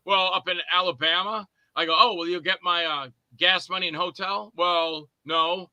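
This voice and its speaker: A man's voice: high-pitched, fairly even intonation, normal speed, bright, forceful tone, no room sound, dull audio. A man guesting on a podcast, chatting casually and rambling through stories where he acts out both sides of conversations. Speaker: podcast guest, indie filmmaker and actor. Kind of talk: casual chat.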